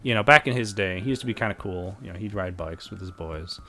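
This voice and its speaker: A man's voice: low-pitched, fast talker, sharp tone. A young man telling a long, rambling comic story in casual chat, restarting his sentences often. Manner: rambling, many restarts, acts out characters. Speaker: podcast co-host.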